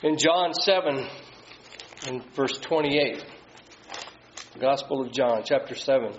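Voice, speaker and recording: A man's voice: mid-range voice, takes it slowly, slight background noise. A man leading a Bible study, putting questions to the group and reading scripture aloud. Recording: slightly dull sound.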